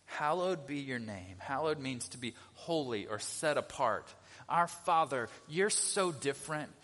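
A man's voice: mid-range voice, expressive, unhurried, fairly bright tone. A middle-aged male pastor giving a conversational sermon, often asking the congregation questions. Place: church sanctuary. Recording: long reverb of a church hall.

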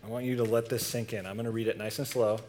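A man's voice: mid-range voice, little pitch movement, quick pace, darkish tone, a little hiss or hum. A young man preaching a casual sermon to a youth group, asking the audience questions and reading scripture.

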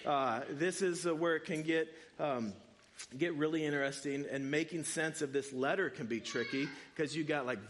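Animated man preaching, slightly high voice. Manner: conversational, animated preaching with asides to the congregation. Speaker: pastor. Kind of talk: sermon.

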